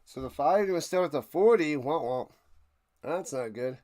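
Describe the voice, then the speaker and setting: A man streaming a live watch-along, rambling between plays and shouting out big plays. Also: fairly high pitch, lively intonation, moderate pace. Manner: rambling chatter with sudden shouted play calls.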